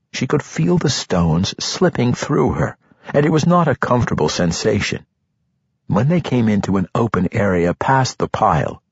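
A man narrating a fantasy audiobook in a very low, husky voice. His pitch moves a lot as he reads, measured and expressive. The recording is dry and dull. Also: no echo.

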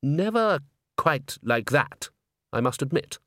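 Man doing a sardonic gentleman, dry, polite. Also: a little high, sing-song, slow, dry recording, pitched above the performer's own voice, full character voice.

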